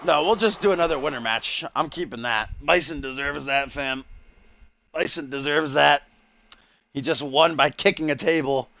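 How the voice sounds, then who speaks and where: A man's voice: on the high side, moderate pace, gravelly, pushed and bright. A man streaming live, doing playful mock-broadcast play-by-play commentary on a wrestling video game, with the odd swear.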